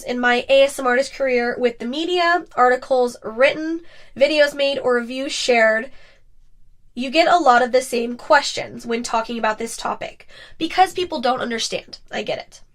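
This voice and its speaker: Young woman, high bright voice, casual podcast host, candid, expressive. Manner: candid and expressive, sometimes teasing. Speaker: podcast host and ASMR creator.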